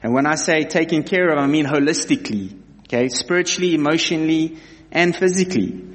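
A man's voice: a little high, fairly quick. A man preaching a sermon to his congregation, earnest and emphatic, often repeating key phrases and addressing the listeners as "guys". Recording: reverberant hall.

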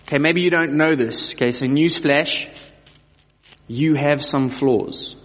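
A man preaching a sermon, reading scripture and then talking to the listeners in a conversational way, asking them direct questions. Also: mid-range voice. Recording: long hall reverb.

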